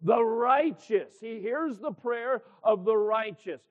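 A man's voice: very high-pitched, expressive, takes it slowly. A man in his fifties or sixties preaching a sermon in church, earnest and emphatic, asking the congregation for responses. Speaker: pastor. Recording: tinny phone-like sound.

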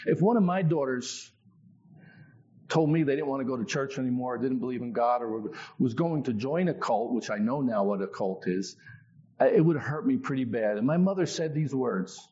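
A man telling his own testimony in a sermon, in a conversational, animated storytelling way. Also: mid-range voice, moderate pace, highs cut off. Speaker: preacher.

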